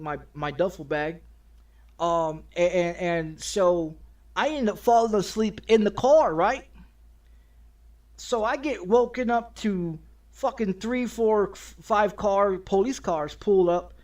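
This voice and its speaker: A man with a fairly high-pitched voice tells a long story as he streams a game. He swears freely and rambles, stumbling over his words and starting his sentences again. It sounds like loose, offhand storytelling. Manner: profane and rambling, with many restarts. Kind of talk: casual storytelling while streaming.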